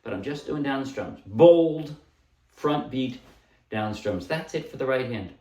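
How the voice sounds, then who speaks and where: Man, ukulele teacher, relaxed explaining, roomy echo, set back from the mic, loud ukulele behind. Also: mid-range voice, a little slow, distant mic, loud music behind the voice. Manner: relaxed, explains while playing, sings short snippets. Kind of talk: casual music tutorial. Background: ukulele playing.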